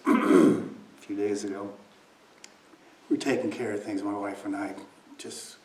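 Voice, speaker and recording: The voice is on the low side with a darkish tone: a meditation teacher giving a dharma talk in a meditation hall. He shares a personal story, acting out quoted voices and occasionally dropping almost to a whisper, captured in an echoey room by a distant mic with faint noise.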